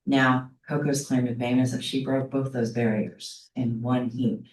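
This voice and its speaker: This woman's voice rumbles low, with a flat, measured delivery and a darkish tone. She's a middle-aged psychology teacher who tells stories in a relaxed, conversational way, often pausing to check on her class. It was captured from afar in a classroom full of echo.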